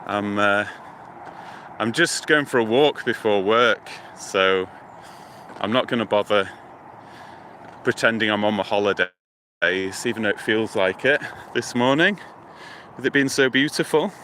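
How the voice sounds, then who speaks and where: A man from the United Kingdom wanders past a lake and river near a motorway, streaming live from his phone and casually describing what he sees to viewers while thinking aloud. His voice is bright and forward yet on the low side, and he speaks unhurriedly. Faint traffic hum fills the background.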